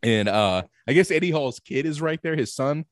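A man's voice: fairly high pitch, lively intonation, normal speed, no room sound, studio quality. A man chatting casually as a podcast co-host, rambling and swearing, with lots of filler words. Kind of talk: casual chat.

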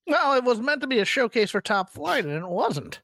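A man's voice: very high-pitched, very animated, brisk, gravelly, pushed and bright, no room sound. A man co-hosting a podcast, chatting about wrestling and pushing back in short, dry remarks. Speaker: podcast co-host. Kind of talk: casual wrestling talk.

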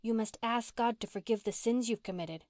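A woman reading an audiobook and voicing a gentle young girl who speaks softly and solemnly. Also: on the high side, moderate pace, no room sound, studio quality, voice pushed up, close to an everyday voice. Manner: soft, solemn.

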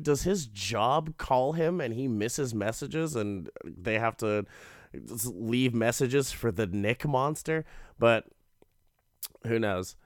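A man rambles through a comedic recap of a show, swearing freely and laughing as he goes. His voice is smooth and resonant, and the sound is close and dry with no room echo. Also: mid-range voice. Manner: profane, rambling, laughs often. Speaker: show reviewer.

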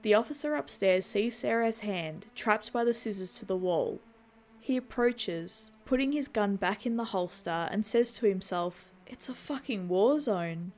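A woman's voice: medium pitch, animated, normal speed, a little mellow. A woman narrating a movie recap in a conversational tone, dropping in wry asides.

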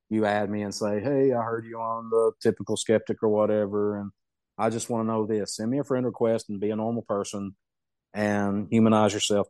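Guy rambling thru a story, low voice, folksy, dry sound. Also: darkish tone, dry recording. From Southeast Kentucky. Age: middle-aged. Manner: folksy, rambling, self-amused. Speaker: podcast guest. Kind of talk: casual storytelling.

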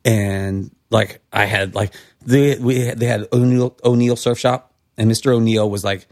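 A middle-aged man from Santa Cruz telling animated stories as a podcast guest, jumping high in pitch when he quotes people. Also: moderate pace. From Santa Cruz, California. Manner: animated, acts out quotes with big pitch jumps. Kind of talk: casual storytelling.

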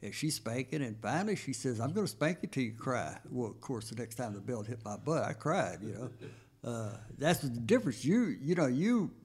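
An older man, a podcast guest, tells stories from his youth with emphasis. His voice is husky and swings widely in pitch. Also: very animated, moderate pace, a little mellow. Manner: emphatic storyteller. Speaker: guest, host's father. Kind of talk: casual family conversation.

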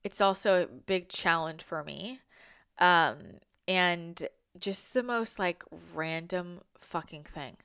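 A woman's voice: on the low side, takes it slowly, fairly bright tone, smooth, no room sound, clean studio sound. A young adult woman talking casually and reflectively as a spiritual channel, rambling with lots of fillers, heartfelt and sometimes swearing. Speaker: spiritual channel, podcast host.

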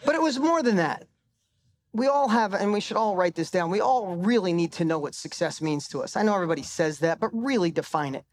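A man's voice: high voice, animated, a little fast. Emphatic man telling a stage story. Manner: emphatic storytelling, swearing, voice rising for punchlines. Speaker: motivational speaker. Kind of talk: live motivational stage talk. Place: live event stage.

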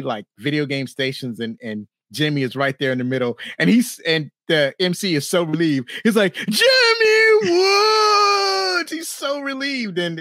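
A man's voice: mid-range voice, fairly bright tone, no echo, clean studio sound. Man casually recapping a movie plot. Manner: rambling plot recap with frequent laughs and "right, right". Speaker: podcast host. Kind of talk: casual movie review chat.

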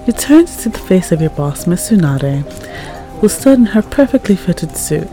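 A woman reading second-person fanfiction aloud in a soft, calm voice that sometimes drops near a whisper. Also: lowish voice, moderate pace, faint music behind. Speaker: fanfic reader.

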